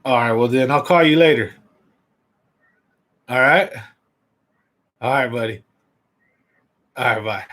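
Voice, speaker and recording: A man hosts a live fishing stream in an easygoing, rambling way. His voice sits at a middle pitch. He chats loosely and speaks straight to the people watching. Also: takes it slowly, long pauses, a bit bright, poor audio. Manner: rambling, chatty, talks straight to viewers. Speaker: fishing livestream host. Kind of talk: casual livestream chat.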